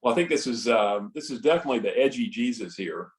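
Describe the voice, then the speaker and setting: A man taking part in a church Bible class, sharing a thoughtful comment with pauses. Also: medium pitch, expressive. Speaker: class participant.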